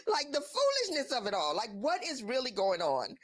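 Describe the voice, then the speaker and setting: Animated woman host, dry sound. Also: high voice, a little slow, long pauses, no echo. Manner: animated, incredulous rhetorical questions. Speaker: live show host. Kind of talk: casual commentary.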